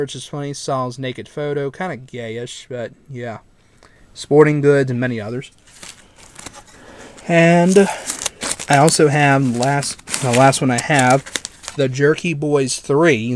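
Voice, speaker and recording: A man casually showing his collection, talking in a rambling, easygoing way. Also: mid-range voice. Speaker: vlogger. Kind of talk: casual show-and-tell.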